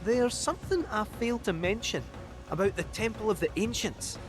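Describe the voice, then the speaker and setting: A man's voice: sits high, normal speed, close to an everyday voice. A man voicing a cheeky talking cat fortune teller, speaking in a confiding, theatrical way. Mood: ominous. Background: game music.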